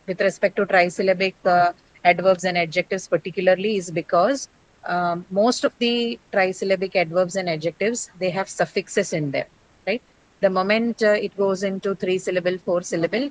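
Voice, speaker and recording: A woman's voice: on the low side, slight background noise, rough recording. A woman teaching an English class, explaining patiently with frequent fillers and check-in questions. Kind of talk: online class lecture.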